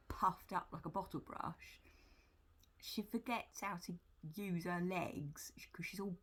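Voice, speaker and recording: A woman telling stories about her cats in a soft, breathy whisper, in a whispered role-play style. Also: medium pitch. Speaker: cat vlogger.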